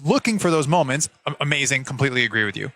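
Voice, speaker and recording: A man's voice: mid-range voice, lively intonation, rapid-fire, fairly bright tone. A man hosting a podcast interview, asking earnest, candid questions. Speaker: podcast host. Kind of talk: conversational interview.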